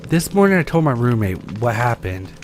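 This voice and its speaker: Man reading scary stories, lively pitch. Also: moderate pace, a little hiss or hum. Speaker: story reader.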